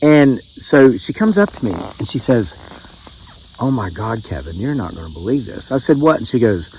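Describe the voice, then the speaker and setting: A man's voice: medium pitch, very animated, fairly quick, darkish tone, a little hiss or hum, poor audio. A middle-aged man from West Virginia, casually telling a rambling story with quoted dialogue. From West Virginia, USA. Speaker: channel host telling a story.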